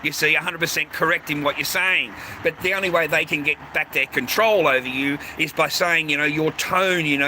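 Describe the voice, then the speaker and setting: A man's voice: on the high side, moderate pace, few pauses, sharp tone. A man with an Australian accent in a rambling, casual monologue, talking bluntly and profanely and calling the listener "mate" over and over, recorded outdoors on a city street. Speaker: vlogger. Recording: noisy street with passing traffic.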